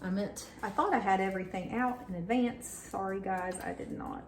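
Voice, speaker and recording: Mom vlogger, thirties, rambling baking chat, echoey kitchen with audible clatter. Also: female voice, mid-range voice, brisk, noisy background. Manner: chatty, many fillers, talks to her son. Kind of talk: casual chat while baking. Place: home kitchen.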